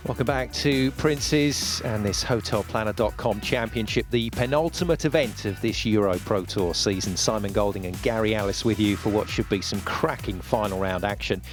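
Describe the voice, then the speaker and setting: Male golf commentator, lowish voice, calm play-by-play, music bed underneath. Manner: measured, conversational play-by-play. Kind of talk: broadcast sports commentary.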